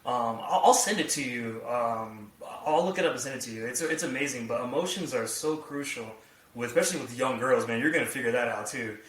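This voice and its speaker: Rambling through a casual conversation, this podcast co-host leans heavily on "like" and curses freely. He speaks briskly in a mid-range, fairly bright voice, sounding distant from the microphone in an echoey space.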